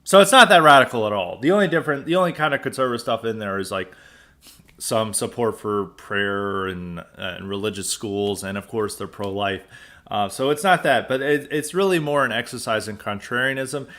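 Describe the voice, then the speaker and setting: A man's voice: fairly low pitch, animated, fairly quick, bright, forceful tone. An American man hosting a podcast, giving an emphatic, sarcastic political commentary monologue and often restarting his sentences. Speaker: podcast host.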